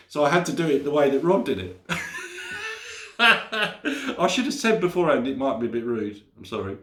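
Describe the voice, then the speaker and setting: A man hosts a casual motorcycle vlog. He tells stories in a rambling way and often corrects himself mid-sentence. He speaks at an average pitch, with a roomy echo around the voice. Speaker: motorcycle vlogger. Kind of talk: casual storytelling to camera.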